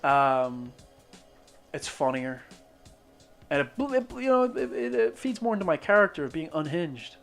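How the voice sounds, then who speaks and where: Man, muted northern irish accent, raised pitch, skeptical rambling rant, profane, faint music behind. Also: big pitch swings, measured pace, creaky, pauses often, a bit bright. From Northern Ireland. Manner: skeptical, ranting, swears a lot; rambling with many restarts. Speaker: streamer. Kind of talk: casual chat while drawing.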